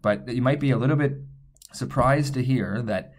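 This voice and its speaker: A man's voice: mid-range voice, moderate pace. A man teaching Korean letters, patiently explaining each step as he writes them out. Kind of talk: whiteboard writing lesson.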